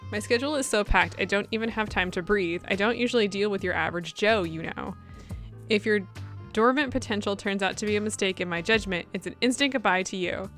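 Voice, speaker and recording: Smug middle-aged male executive, boastful pitchman patter, read by a woman in a bright voice. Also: fairly quick, faint music behind, lightly acted. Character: pompous middle-aged male company president.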